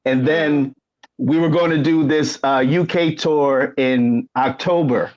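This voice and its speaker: A man with a slightly high voice tells a story at an easy pace in a casual interview chat. The recording sounds dull and lo-fi. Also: steady tone, slow pace, a little mellow. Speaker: guest, collaborator.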